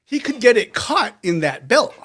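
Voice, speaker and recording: A man narrating as game master of a tabletop game, animated and quick to laugh, acting out characters. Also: sits high, breathy edge.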